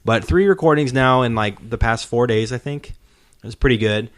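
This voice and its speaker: A man's voice: mid-range voice, moderate pace, no echo. A man hosting a casual podcast chat, talking in an earnest, rambling way as he retells scenes. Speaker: podcast host.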